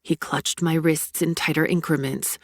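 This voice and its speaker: A woman narrating a first-person romance audiobook in an expressive, breathless storytelling manner. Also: low voice, normal speed, no room sound, clean studio sound.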